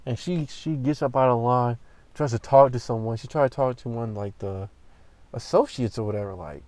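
A man's voice: medium pitch, normal speed, darkish tone, no room sound. A young man telling a story in a casual, profane, exasperated rant full of slang.

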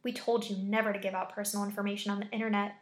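A woman voicing a sinister mother figure in an unnatural falsetto, in a horror story reading. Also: flat delivery, very fast, close to an everyday voice. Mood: menacing. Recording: echoey room.

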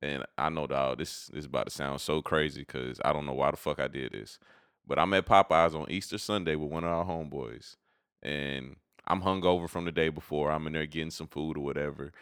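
A man's voice: rumbling low, fairly quick, a bit bright, smooth, no room sound, studio quality. A man in casual conversation, telling stories in a laid-back, slangy way. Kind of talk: casual chat.

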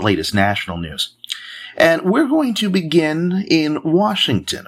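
A man's voice: on the high side, sing-song, measured pace, fairly bright tone. A man hosting a news podcast, reading headlines with chatty joking asides. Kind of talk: casual news podcast delivery.

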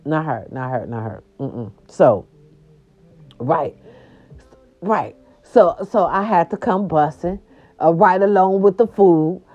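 A woman vlogger telling a chatty story to her viewers, animated and sassy, calling them "baby". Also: sits low, slow pace, long pauses. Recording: dull lo-fi sound with faint music behind. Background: faint music.

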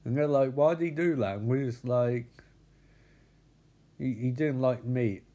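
A man casually recapping a show, rambling and profane, slipping into quick character voices. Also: mid-range voice, warm tone.

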